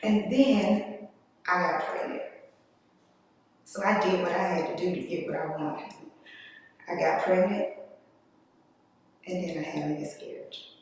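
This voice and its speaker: A woman giving an earnest, emotional personal testimony to a conference audience, speaking slowly with long pauses. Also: on the low side, steady tone, a little hiss or hum. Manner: slow, deliberate delivery with long pauses. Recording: echoey hall, distant mic.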